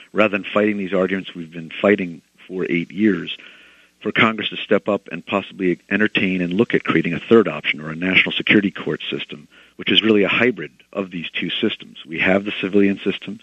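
A male author, a guest on a radio show, explaining a legal proposal in a measured, methodical way. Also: deep voice, a bit bright, husky, no room sound. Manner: measured, explanatory, policy-wonk phrasing. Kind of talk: radio interview. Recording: dull lo-fi radio sound.

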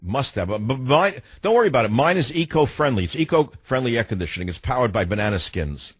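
A man's voice: mid-range voice, big pitch swings, quick pace, slightly rough, no echo. A man hosting a talk radio show, sarcastic and wisecracking, from New York. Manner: sardonic, wisecracking.

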